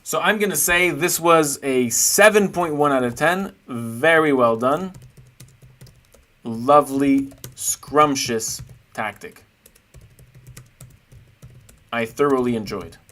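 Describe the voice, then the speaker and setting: A man's voice: medium pitch, takes it slowly, pushed and bright. A man streaming live, chatting casually and playfully with his viewers while he rates chess games. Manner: chatty, playful, thinks aloud while searching.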